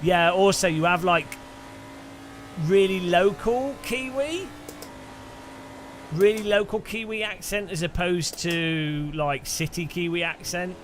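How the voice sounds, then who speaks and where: A man's voice: high-pitched, normal speed, few pauses, slight background noise. Rambling Midlands man streaming a race. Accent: English Midlands. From English Midlands. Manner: rambling, excitable casual chatter. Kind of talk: live-stream chat while sim racing. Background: loud background music.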